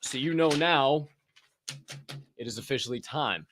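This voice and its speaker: A man's voice: medium pitch, unhurried, background noise. A man hosting a podcast, joking and swearing casually, laughing at his own bits. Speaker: podcast host. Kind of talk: casual chat.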